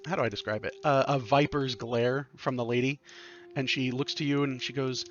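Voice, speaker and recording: A man game master narrates the scene casually, pausing often on fillers. His mid-range voice comes through slightly muffled stream audio, with faint music behind. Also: mid-range voice, steady tone. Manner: loose, filler-heavy narration.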